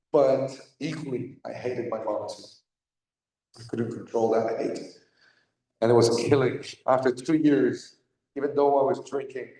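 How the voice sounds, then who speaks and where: Halting man testifying in an echoey hall. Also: mid-range voice, warm tone, recorded from a distance. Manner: candid, halting, with frequent pauses. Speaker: church member giving testimony. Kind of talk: personal testimony talk. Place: church hall.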